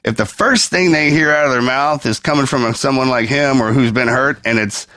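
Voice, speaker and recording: A man's voice: medium pitch, moderate pace, pushed and bright, no room sound, studio quality. A man hosting a podcast, talking casually in an earnest, rambling way with restarts. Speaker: podcast host. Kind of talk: casual conversation.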